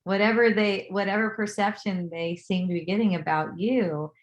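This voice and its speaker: A woman telling a personal story in a casual, animated way, acting out what others said and swearing now and then as she draws a life lesson from it. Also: mid-range voice, moderate pace. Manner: animated, acts out quoted voices, swears casually. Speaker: spiritual teacher. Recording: echoey room.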